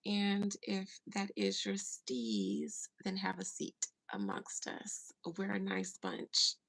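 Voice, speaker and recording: A woman hosting a casual spiritual livestream, greeting viewers by name and sometimes dropping into a soft whisper. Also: medium pitch, animated, vocal fry. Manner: slow, drawling, breaks into soft whispers. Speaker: livestream host and spiritual medium.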